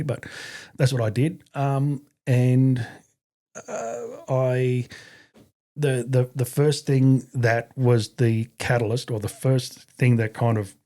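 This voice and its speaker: A middle-aged Australian man telling his story as a podcast guest in a halting way, with many restarts and fillers and blunt swearing. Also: mid-range voice, mellow. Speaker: podcast guest, army veteran. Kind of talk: casual conversational storytelling.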